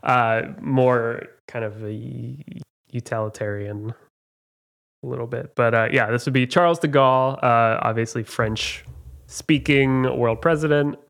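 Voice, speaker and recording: This quiz host has a medium-pitched, creaky, somewhat bright voice and talks a little slowly. Reading out trivia questions, he's chatty and self-deprecating, with plenty of fillers.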